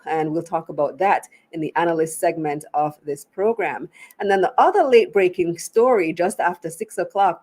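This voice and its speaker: A woman's voice: lowish voice, a little mellow. Chatty Jamaican woman hosting business show. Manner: chatty, upbeat, laughs easily. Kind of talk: live-streamed business interview.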